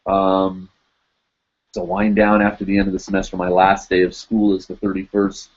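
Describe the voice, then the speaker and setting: A man's voice: deep voice, completely flat delivery, normal speed, lo-fi sound. A man hosting a live web show, chatting casually with viewers and reading their comments, rambling with many fillers and frequent laughs. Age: adult, teaches in Japan.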